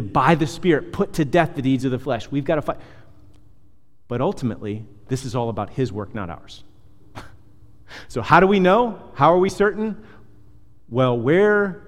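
A man preaching a sermon as pastor, animated and conversational, firing off rhetorical questions and dropping into softer asides. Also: mid-range voice. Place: church hall. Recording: long hall reverb.

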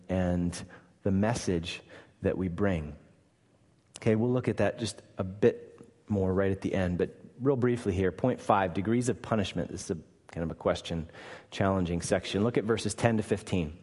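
A man preaching a sermon as pastor, earnest, rising louder and slowing on key points. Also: on the low side, long reverb tail.

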